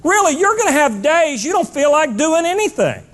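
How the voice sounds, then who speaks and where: A man's voice: extremely high pitch, sing-song, moderate pace, fairly bright tone. A man giving a blunt, fired-up motivational keynote to a live audience, scolding and hammering points with repetition.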